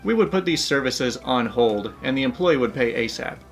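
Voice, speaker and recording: Hosting a story channel, a man narrates online stories in an upbeat, chatty manner, laughing between his asides. His voice sits at medium pitch and is animated, delivered at a normal pace with faint music in the background.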